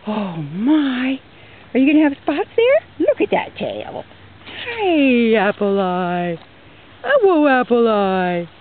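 High cooing woman, tinny camera audio. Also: sing-song, very slow, long pauses, slight background noise. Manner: coos and baby-talks to the horses. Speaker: horse owner filming her colt. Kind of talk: casual talk to animals. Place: outdoor pasture near woods. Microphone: handheld camera.

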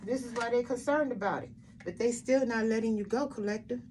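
A woman's voice: a little high, a little fast, darkish tone, slight background noise. A woman doing a tarot reading for her viewers, blunt and emphatic, with frequent swearing and repeated rhetorical questions. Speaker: tarot reader.

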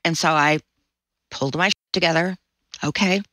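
A woman's voice: deep voice, normal speed, bright, forceful tone, no echo, rough recording. A woman in her forties, a podcast guest, vividly telling a personal story and acting out the voices she quotes. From Washington State, USA.

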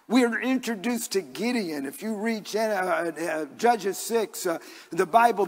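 High-voiced preaching man in a reverberant church. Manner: earnest, conversational preaching. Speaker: pastor. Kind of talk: sermon with personal stories. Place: church sanctuary.

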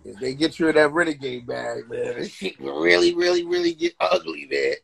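A man hosting a live stream in loud, slangy, animated banter. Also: on the high side, brisk, gravelly, husky, soft background music, rough recording. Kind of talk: casual live-stream chat.

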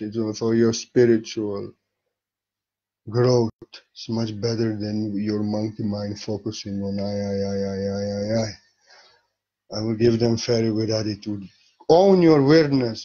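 Playful foreign-accented man, mellow tone. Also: mid-range voice, dull audio. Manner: playful, silly, theatrical; repeats words emphatically. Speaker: spiritual teacher. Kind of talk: motivational monologue.

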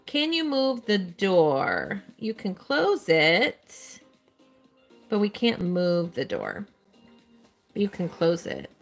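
A woman's voice: mid-range voice, very animated, very slow, creaky, soft background music. A woman hosting a live stream, chatting casually and cheerfully while answering her viewers' questions as she plays a game. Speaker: live-stream host playing a mobile game.

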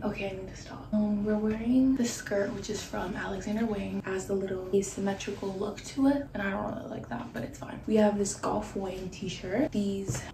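A woman's voice: mid-range voice, recorded from a distance. A young woman vlogging her outfits in a casual, rambling way full of fillers. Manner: chatty, rambling with lots of "like" fillers. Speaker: fashion vlogger. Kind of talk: casual outfit try-on vlog. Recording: roomy, echoey room from off the mic with noise.

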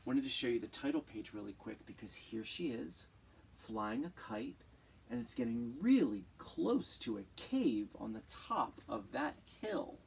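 A teacher reading a children's picture book aloud, gently asking questions about the pictures. The voice is husky and unhurried, with a lively, rising and falling tone, and sits a little back from the microphone. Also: mid-range voice, distant mic.

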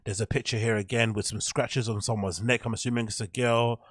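A man's voice: mid-range voice, steady tone, brisk, dry recording, clean studio sound. A man hosting a podcast, giving rambling, blunt commentary while clicking through pictures. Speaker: podcast host. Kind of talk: casual commentary on a screen grid.

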